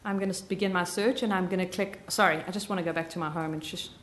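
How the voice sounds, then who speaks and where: A woman with a slight Southern US drawl giving a live software training, chatty and full of ums and self-corrections. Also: fairly low pitch, steady tone, fast talker.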